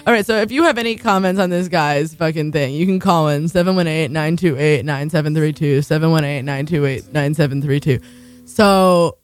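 A woman's voice: low-pitched, fairly quick. A young woman hosting a community radio talk show, rambling and swearing as she tells stories. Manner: profane, rambling, animated. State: tired.

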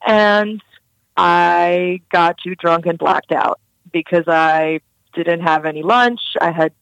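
A woman's voice: lowish voice, takes it slowly, vocal fry, fairly bright tone, clear, resonant tone, no room sound, poor audio. A young woman recounting a personal story in an interview, casual and candid with many fillers. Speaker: guest.

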